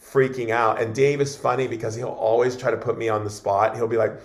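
A man, a guest in an interview, tells his stories in a loose, animated way, doubling back on words and starting phrases over. His voice sits at an ordinary middle pitch. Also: brisk, few pauses, echoey room. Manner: animated, repeats and restarts words often. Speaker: guest shaman. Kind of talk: casual interview storytelling.

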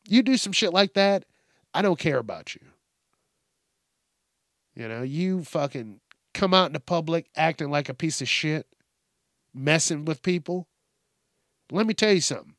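Podcast guy ranting and cussing, kinda high voice, dry close mic. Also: measured pace, long pauses, no echo. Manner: profane, animated storytelling. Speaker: podcast host. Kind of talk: casual monologue.

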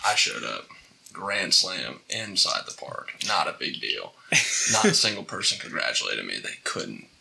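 A young man co-hosts a casual podcast with a very bright, forceful tone. His pitch jumps around a lot as he banters, and he delivers sarcastic asides and laughs often between stories. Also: very animated, normal speed, gravelly, poor audio. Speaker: podcast host. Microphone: shared studio mic.

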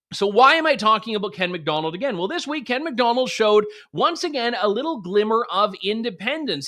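A man's voice: sits high, fairly bright tone. A Canadian man giving sarcastic, jokey political commentary. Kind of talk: opinion commentary.

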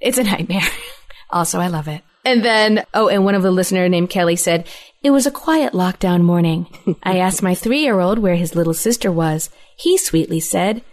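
A woman's voice: lowish voice, lively intonation, normal speed, darkish tone. A middle-aged woman hosting a podcast in casual chat, giggly and reading out listener messages. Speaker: podcast host.

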